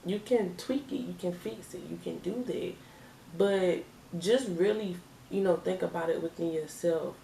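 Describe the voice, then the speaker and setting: A woman gives a casual tarot reading in a lowish, gravelly voice, chatty and emphatic, repeating herself for effect. She sits a bit back from the mic in an echoey room with faint noise behind. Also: unhurried, warm tone, far from the mic. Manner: chatty, emphatic, repeats phrases, laughs often. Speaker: tarot reader.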